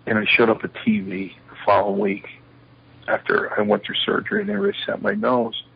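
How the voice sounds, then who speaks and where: Telling stories at a fairly quick clip, this interview guest has a husky, low voice and performs quoted lines with animated flair. It's shoot interview storytelling, captured in slightly muffled, lo-fi audio.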